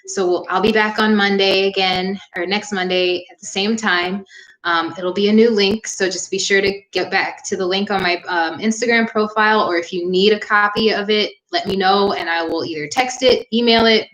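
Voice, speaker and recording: A young woman yoga instructor wrapping up a live-streamed class, talking in a warm, earnest and chatty way with frequent "um" fillers. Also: mid-range voice. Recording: echoey room.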